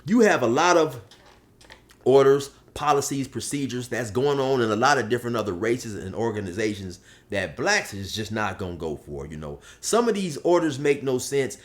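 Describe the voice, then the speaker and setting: A man's voice: medium pitch, lively intonation, moderate pace. A man telling a comic story in casual street slang, saying man a lot. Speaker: storyteller, channel host.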